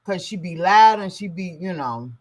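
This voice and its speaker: A man's voice: high-pitched, lively intonation, normal speed. A man on a livestream chatting casually, mostly chiming in with short remarks and reactions. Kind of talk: casual chat.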